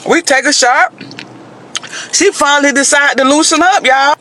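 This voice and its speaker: High, bright-voiced man telling a story. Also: normal speed, a little hiss or hum. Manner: chatty, addresses listeners as y'all, dramatic asides. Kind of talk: animated casual storytelling to viewers.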